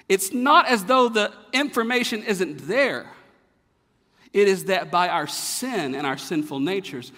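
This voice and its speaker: A man in a church sanctuary delivers a sermon in a fairly high voice, pressing hard on key words and then dropping to near-quiet lines. He asks his listeners questions one after another. The room leaves a long reverb behind each phrase. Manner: emphatic preaching with sharp rises and drops in loudness; asks the congregation questions rhetorically. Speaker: pastor.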